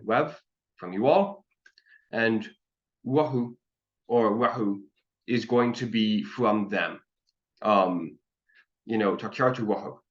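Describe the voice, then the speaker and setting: Guy teaching a class online, lowish voice, dull lo-fi sound, patient, lots of ums. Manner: patient, explains step by step with frequent ums. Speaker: language teacher. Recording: dull lo-fi call audio.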